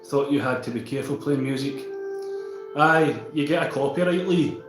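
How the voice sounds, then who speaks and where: A man's voice: fairly high pitch, normal speed, echoey room, music in the background, poor audio. A Scottish man chatting casually with viewers on a livestream, reading out and answering their comments.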